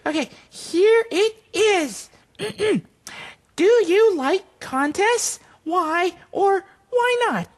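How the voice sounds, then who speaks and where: A woman's voice: very high voice, animated, extremely slow, full character voice. A woman voicing a jittery male meerkat puppet on a children's TV lesson show, hesitant and stammering. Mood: flustered.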